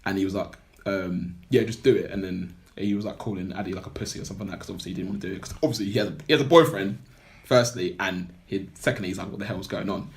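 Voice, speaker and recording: A man's voice: low-pitched, fairly even intonation, rapid-fire, creaky. Rambling young man. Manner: rambling storyteller, heavy filler words. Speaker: podcast co-host. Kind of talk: casual film recap chat.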